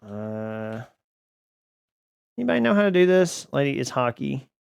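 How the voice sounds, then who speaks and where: Gaming live for his audience, a man talks casually in a meandering way, often laughing and teasing himself, while background music plays. His mid-range voice is smooth yet creaky, very animated, and a little slow.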